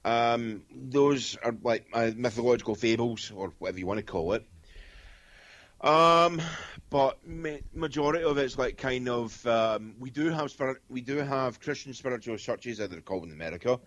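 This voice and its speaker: A man's voice: mid-range voice, moderate pace, a bit bright. Scottish guy, upfront and rambly, lots of ums, muffled lo-fi audio. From Scotland. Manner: blunt, rambling with many fillers. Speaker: guest medium. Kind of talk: casual interview chat.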